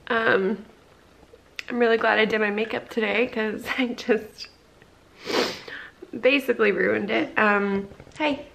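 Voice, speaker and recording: A young woman vlogging at home as a mom, chatty and sentimental, speaking softly with lots of fillers and sounding teary. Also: a little high, fairly even intonation, slow pace, creaky, pauses often. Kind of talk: casual home vlog. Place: family home.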